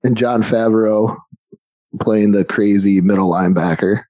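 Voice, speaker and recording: A man's voice: on the low side, steady tone, a little slow, warm tone, dry recording, muffled recording. A man co-hosting a casual chat about a movie, laughing often and acting out quotes. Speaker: podcast co-host.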